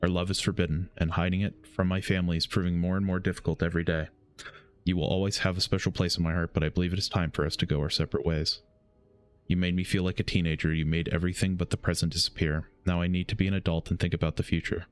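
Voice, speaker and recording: A young man streaming a game, reading its letters aloud slowly and often stumbling and correcting himself. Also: deep voice, little pitch movement. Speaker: gaming streamer.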